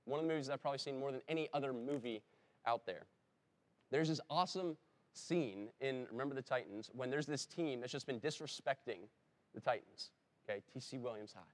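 A man's voice: medium pitch, brisk. A man preaching a sermon in a conversational way, breaking into emphatic rises when he quotes someone, and stopping now and then to correct himself. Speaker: pastor. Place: church.

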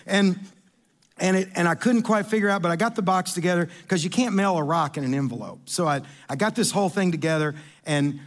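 A pastor tells a long, rambling story in a sermon, poking fun at himself as he goes. His voice is high and he stumbles and restarts often. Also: a little fast. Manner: rambling, self-deprecating, lots of restarts.

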